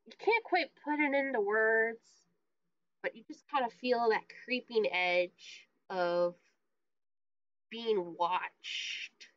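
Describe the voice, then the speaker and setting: A woman running a tabletop role-playing game as game master, narrating in a calm, laid-back way. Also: fairly high pitch, slow, dry recording, dull audio.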